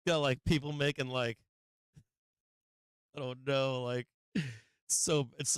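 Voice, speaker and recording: A man's voice: mid-range voice, fairly even intonation, takes it slowly, clean tone, no room sound. A man hosting a live stream, ranting casually with lots of swearing and frequent laughs. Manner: profane, laughing often, rambling.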